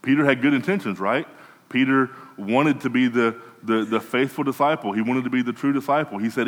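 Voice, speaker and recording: A man's voice: mid-range voice, fairly quick, in a large hall, low-quality recording. A man preaching a sermon in a conversational way, often restarting and repeating words. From United States.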